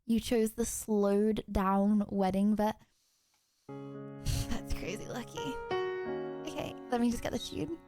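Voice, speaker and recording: A woman's voice: medium pitch, takes it slowly, pauses often. A young woman streamer chatting casually with her viewers in a rambling, giggly way. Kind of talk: casual livestream chat. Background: music.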